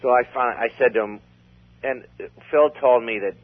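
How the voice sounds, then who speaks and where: A man's voice: mid-range voice, fairly quick. A man telling a long story in a casual, rambling way, full of restarts. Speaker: comedian guest. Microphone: phone. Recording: tinny phone line.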